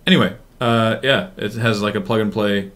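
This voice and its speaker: A man's voice: on the low side, fairly even intonation, normal speed, a bit bright. A man hosting a stream aftershow, chatting casually and rambling with plenty of fillers. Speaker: stream host. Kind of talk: casual chat.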